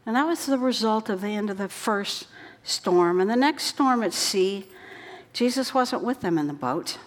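A woman preaching a sermon in an earnest way, her voice dropping soft for quoted words. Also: medium pitch, lively intonation, moderate pace. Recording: long hall reverb.

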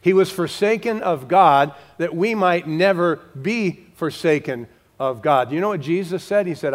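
A man preaching a sermon to his congregation, slowing for emphasis and dropping to a hush on key words. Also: a little high, animated. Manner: direct, talks to the congregation. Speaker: pastor.

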